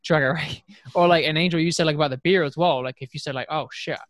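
A man's voice: fairly high pitch, steady tone, fast talker, a bit bright, no echo, studio quality. A man co-hosting a casual podcast chat, rambling and correcting himself, laughing often.

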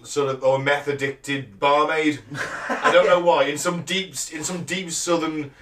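A man's voice: a little high, steady tone, measured pace, fairly bright tone, slight background noise. A man co-hosting a casual chat, rambling with restarts and sweary asides, recorded in an echoey room away from the mic. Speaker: podcast co-host. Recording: roomy, far from the mic.

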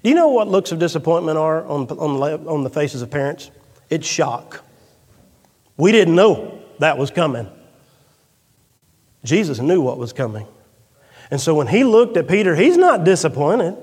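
A man preaching a sermon as pastor, swinging between loud emphatic peaks and hushed, quiet storytelling. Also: fairly high pitch, sing-song, normal speed, long pauses, husky. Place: church sanctuary. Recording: long reverb of a church hall.

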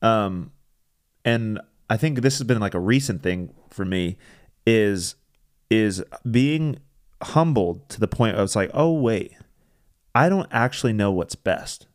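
A man's voice: fairly low pitch, expressive, measured pace. A man, a pastor, talking through his faith in a casual, reflective chat, rambling with restarts and fillers.

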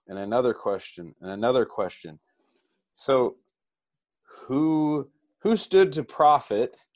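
A man's voice: medium pitch, no room sound. A man in a casual online discussion who rambles and stacks up repeated questions.

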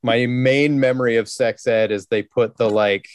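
A man's voice: medium pitch, steady tone, moderate pace, no echo. A man guesting on a podcast, joking crudely and slipping into mock voices in casual chat.

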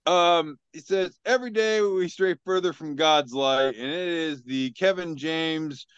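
A man with a slightly high, smooth voice describes memes hesitantly, full of ums and uhs. His audio is dull and lo-fi, like a video call. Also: a little slow, a bit bright, no room sound. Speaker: podcast regular reading memes. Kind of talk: casual chat.

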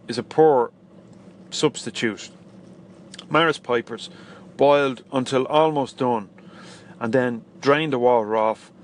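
Against slight background noise, a medium-pitched man with an Irish accent runs his own podcast solo. He's chatty and enthusiastic, wandering from point to point and frequently restarting.

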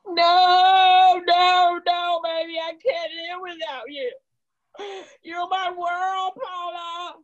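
A desperate, sobbing mourner, acted by a woman in a very high, thin voice. She pleads slowly between her cries, broken by grief, on a dull, muffled recording. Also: level tone, full character voice. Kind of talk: stage play acting.

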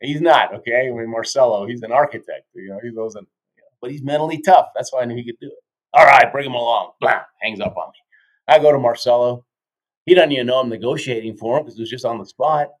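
Energetic storytelling man in his fifties. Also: mid-range voice, fast talker, low-quality recording. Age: 50s. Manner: energetic, keeps tagging lines with "right?". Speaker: guest, motivational speaker. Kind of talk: animated storytelling in a podcast interview.

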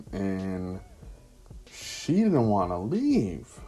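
A man's voice: on the low side, normal speed, mellow, soft background music. A man casually telling a personal anecdote in slangy, profane street talk. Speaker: storyteller.

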